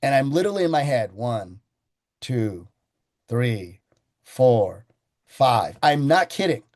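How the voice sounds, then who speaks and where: A man leads a sales training session, recounting how he runs a pitch and slowing right down for effect. His voice is warm and mellow and sits at an everyday middle pitch. He talks in a storytelling way, acting out his side of the conversation. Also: very animated. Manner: storytelling, acts out his sales pitch with slow deliberate pauses.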